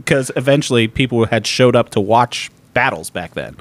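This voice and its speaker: Swearing, animated podcast co-host. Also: male voice, medium pitch, dry recording. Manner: animated, swears casually, acts out characters in quick asides. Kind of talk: casual movie-review chat.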